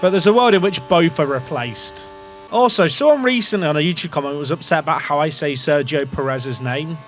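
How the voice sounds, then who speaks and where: A man's voice: a little high, brisk, fairly bright tone, faint music behind. An English man, a gaming streamer, talking through his racing-management game to chat in a rambling, self-questioning way, with the odd swear word. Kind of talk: casual game commentary to chat.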